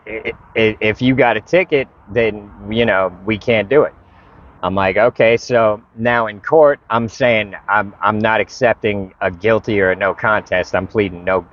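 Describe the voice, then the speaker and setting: Low-voiced man ranting, dull lo-fi sound. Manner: frustrated, profane, retells conversations. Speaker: vlogger. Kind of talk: casual storytelling rant. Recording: dull lo-fi recording.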